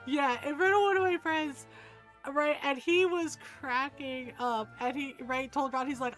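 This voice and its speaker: A woman with a high voice chats through a casual gameplay stream. She laughs easily and tells her stories with lively energy. Soft game music plays faintly behind her. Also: measured pace. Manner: chatty, laughs often, animated storytelling.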